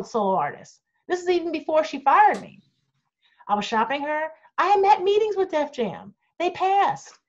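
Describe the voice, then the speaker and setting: A middle-aged woman, a group manager, answering fan questions in a candid, blunt and outspoken way over a video call. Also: extremely high pitch. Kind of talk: candid Q&A chat. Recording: dull lo-fi video call audio.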